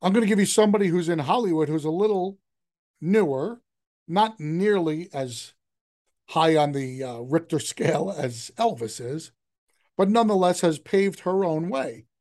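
An older man giving a motivational talk in an emphatic, conversational way, often jumping up in pitch to stress a point. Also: expressive, moderate pace, darkish tone.

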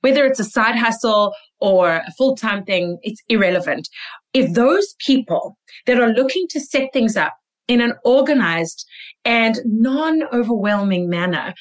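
A woman's voice: a little high, animated, measured pace. A woman hosting a casual podcast interview, enthusiastic and affirming. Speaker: podcast host.

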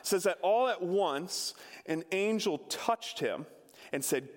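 A pastor giving a sermon, retelling a scripture story in a conversational way with touches of humor. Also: male voice, high-pitched, lively intonation, takes it slowly, in a large hall.

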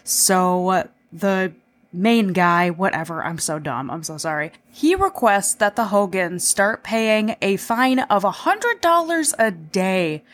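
A woman's voice: mid-range voice, lively intonation, slow. A woman hosting a podcast, recapping an episode in a chatty way, with swearing and self-deprecating asides. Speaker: podcast host.

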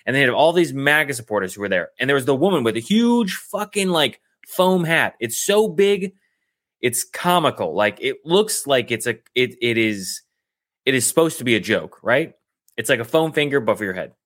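A man's voice: medium pitch, very animated, normal speed, a bit bright. Rambling male podcast co-host. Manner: rambling storyteller, many fillers. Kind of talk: casual podcast chat.

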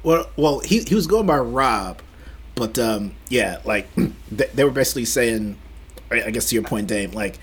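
Lively, stammering man recounting a movie. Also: mid-range voice, normal speed, breathy edge. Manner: animated, stammering, acts out quotes. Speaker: podcast co-host. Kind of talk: casual movie discussion.

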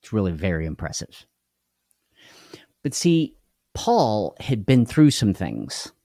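A man's voice: fairly low pitch, very animated, slow, mellow, no room sound, clean studio sound. Tired folksy man hosting a live devotional. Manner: folksy, chatty, greets viewers by name, laughs easily. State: tired and unwell. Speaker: devotional livestream host. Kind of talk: casual livestream devotional.

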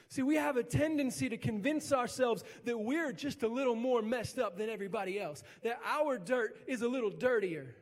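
A man's voice: very high-pitched, moderate pace, hardly any pauses, big-room sound. A middle-aged man preaching a sermon as pastor, building emphasis through repeated phrases. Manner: preaching with rising, emphatic repetition.

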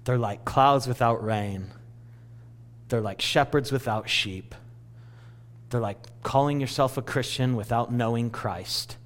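A middle-aged man preaching a sermon, telling a story in a lively, self-mocking way. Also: medium pitch, unhurried. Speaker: pastor.

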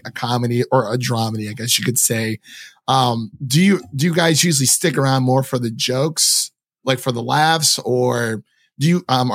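Guy hosting a podcast, rambly and excited, says like a lot, mid voice, dry sound. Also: mid-range voice, no echo. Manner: rambling, enthusiastic, heavy use of "like". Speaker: podcast host. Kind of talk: casual chat.

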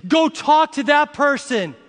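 A middle-aged man preaching a sermon, repeating phrases slowly for emphasis and rising into shouts as he addresses the congregation. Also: very high-pitched, animated, in a large hall. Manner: uses "y'all" and "see" to address the congregation. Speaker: pastor.

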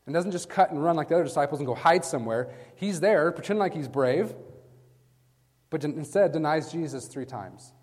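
A man preaching a sermon with emphatic stress, swinging from hushed lines to loud bursts and often asking his listeners "right?". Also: fairly high pitch, lively intonation, fairly quick. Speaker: preacher teaching a Bible passage. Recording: long reverb from a large hall.

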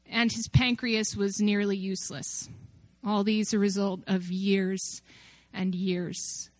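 A woman speaks earnestly at a mid pitch, giving a reflective faith talk. She builds her points through a string of rhetorical questions. The recording is dry and close, with no room echo. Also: level tone, slow. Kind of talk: personal testimony talk.

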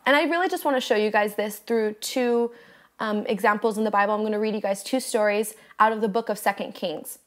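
A woman's voice: medium pitch, brisk, a bit bright. A young woman hosting a devotional podcast, preaching in an earnest, encouraging way and speaking straight to her listeners. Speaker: podcast host.

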